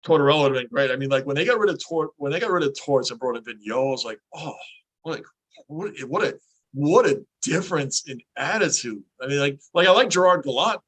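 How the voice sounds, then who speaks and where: A man's voice: fairly high pitch, brisk. A man co-hosting a podcast, chatting casually about sports and acting out coaches' quotes. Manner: animated, acts out coaches' quotes. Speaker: podcast co-host.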